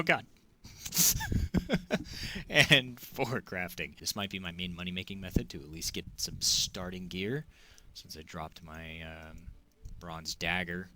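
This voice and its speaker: A man giving excitable gameplay commentary, exclaiming and joking as he plays. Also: sits low. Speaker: gaming video creator.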